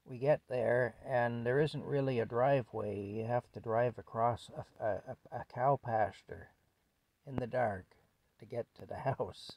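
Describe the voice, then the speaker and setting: A man's voice: mid-range voice, measured pace, a little mellow, dry recording. A man casually telling a rambling story at home, with chuckles and fillers. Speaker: vlogger telling stories.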